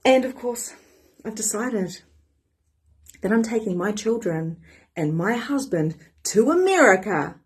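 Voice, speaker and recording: Husky-voiced New Zealand woman, animated. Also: mid-range voice, unhurried, long pauses. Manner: animated, swears casually, acts out quotes. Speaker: spiritual mentor and coach. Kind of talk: reflective monologue.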